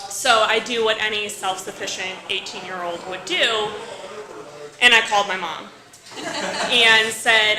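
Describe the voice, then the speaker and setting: A woman's voice: mid-range voice, measured pace, crowd noise. Chatty young woman telling a story. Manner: chatty, self-mocking, many fillers. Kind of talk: live story slam telling. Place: stage at a live event. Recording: echoey live venue.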